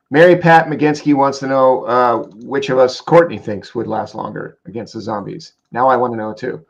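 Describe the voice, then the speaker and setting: Gravelly man reading viewer questions. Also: medium pitch, muffled recording. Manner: reads out chat comments with quick asides and chuckles. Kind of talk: casual livestream chat.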